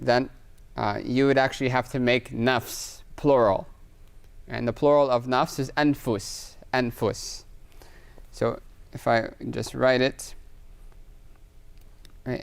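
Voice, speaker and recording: Man, grammar teacher, gravelly but smooth voice, patient lecture, keeps asking "right?". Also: medium pitch. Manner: explains patiently with frequent "right?" checks, writing examples on a board. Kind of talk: classroom lecture.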